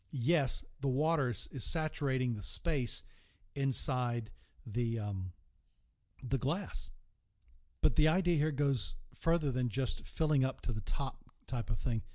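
An earnest male preacher with a medium-pitched, darkish voice works through a Bible sermon. Direct questions to the listener alternate with key words drawn out slowly for emphasis.

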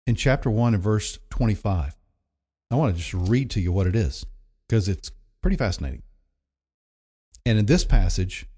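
A man's voice: lowish voice, dark tone. A man preaching a sermon in a conversational, emphatic way, often repeating himself for effect. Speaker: pastor.

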